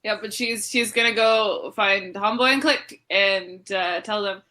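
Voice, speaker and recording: A woman's voice: medium pitch, a little slow, few pauses, pushed and bright. A woman playing a tabletop role-playing game, rambling and giggling as she slips in and out of character. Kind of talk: casual tabletop role-play.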